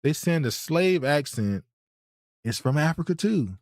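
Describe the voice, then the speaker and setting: A man's voice: on the high side, expressive, unhurried, a little mellow, no echo, clean studio sound. A man hosting a podcast, reacting bluntly and indignantly to clips and often repeating words as he restarts. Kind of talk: reaction commentary.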